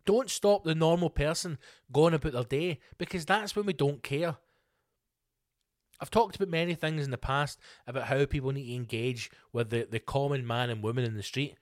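A man's voice: medium pitch, normal speed, no room sound, clean studio sound. A Scottish man hosting a podcast, delivering a sweary, mock-outraged comedic rant. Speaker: podcast host. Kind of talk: ranting comedic podcast monologue.

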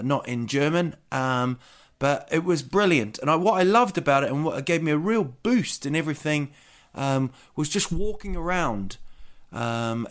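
A man hosting a podcast in casual chat, rambling with many ums and restarts and laughing easily. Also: medium pitch. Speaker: podcast host.

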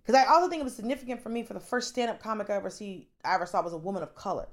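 A woman's voice: medium pitch, rapid-fire. A woman who does stand-up, talking animatedly and casually in an interview, full of fillers and asides. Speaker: stand-up comedian guest.

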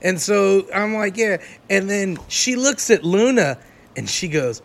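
A man with a notably high speaking voice tells crude stories from life on the road. He talks loosely and laughs easily, and the tone stays casual and irreverent throughout. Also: vocal fry. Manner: crude, animated, quick to laugh. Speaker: touring performer. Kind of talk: raunchy casual storytelling.

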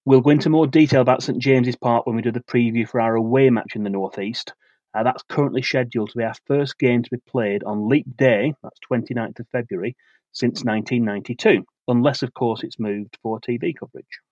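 A football podcast co-host reads a prepared match preview, delivering facts and dates in a steady, measured way. His voice is mid-pitched for a man, and the dry recording sounds a little dull and slightly lo-fi.

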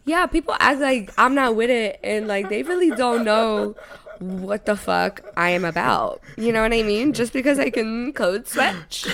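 A young woman co-hosting a podcast, chatting casually, animated and laughing often, swearing freely. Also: fairly high pitch, measured pace, creaky. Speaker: podcast co-host. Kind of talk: casual chat.

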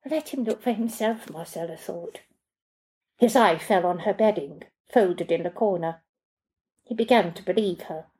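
Mellow, husky woman reading fiction. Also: medium pitch. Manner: measured, understated narration. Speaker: author reading her own story. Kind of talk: literary reading.

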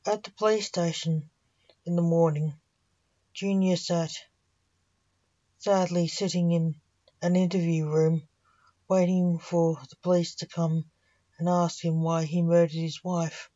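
A woman narrates a story at an unhurried, slow pace, her voice low and mellow. She keeps an even storytelling manner throughout, and the recording sounds dull and lo-fi.

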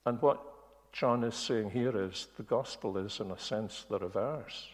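A man preaching a sermon in a church, speaking earnestly and slowing on key words. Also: lowish voice. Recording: long reverb of a church hall.

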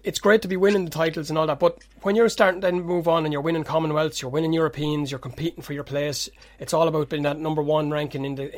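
An Irish man hosting a podcast, firing off long questions at a quick clip and restarting his sentences as he goes. His voice sits a touch high for a man. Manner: rambling questions with many restarts. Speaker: podcast host. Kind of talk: casual podcast interview.

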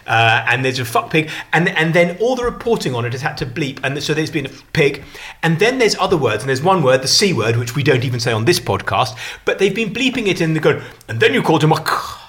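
A man co-hosting a podcast, chatting casually, sweary and animated, with lots of restarts. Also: on the high side, brisk. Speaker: podcast co-host. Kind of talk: casual chat.

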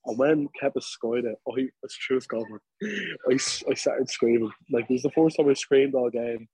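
An Irish man from Dublin tells a lively pub story on a casual podcast, peppering it with fillers and swearing. His voice is husky and slightly rough. The sound is dry and close, with no room around it. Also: mid-range voice, normal speed, dry recording, rough recording. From Ireland. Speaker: podcast co-host. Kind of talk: casual chat.

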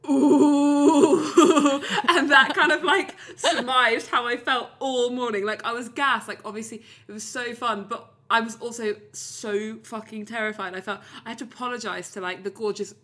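Bright-voiced chatty British woman. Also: fairly high pitch, steady tone, normal speed, hardly any pauses. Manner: chatty, swears freely, laughs often. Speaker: podcast co-host. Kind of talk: casual chat.

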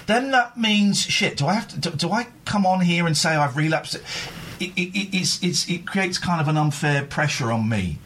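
Earnest, lively-voiced man confessing on air. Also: a little high, a little hiss or hum. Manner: earnest, confessional, halting with many restarts. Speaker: radio show host. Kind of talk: candid radio chat.

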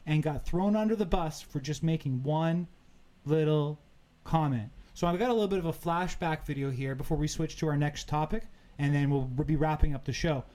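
A man hosting a political talk show, giving opinions in a halting way with many fillers and restarts. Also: on the high side, a little mellow. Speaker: show host.

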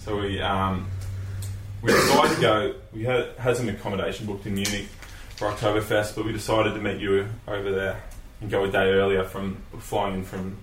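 A man telling a travel story in a relaxed casual chat, laughing and swearing. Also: on the low side, moderate pace. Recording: roomy echo, distant mic, faint ambient noise.

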